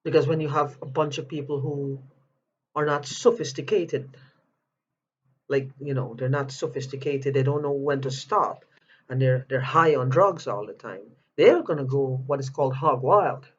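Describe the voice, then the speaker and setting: A man's voice: mid-range voice, normal speed, slightly rough. A man speaking in an upset personal video, agitated, repeating himself and breaking off mid-word as he pleads for help. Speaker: vlogger asking for help. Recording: dull lo-fi audio.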